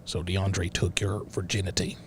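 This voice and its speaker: A grim middle-aged father speaks low and quiet, muttering his disapproval, as a man puts him on. The voice sits well under the man's usual pitch and stays hushed. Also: level tone, normal speed, slight background noise, lightly acted. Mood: disapproving. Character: angry bigoted middle-aged father scolding his daughter.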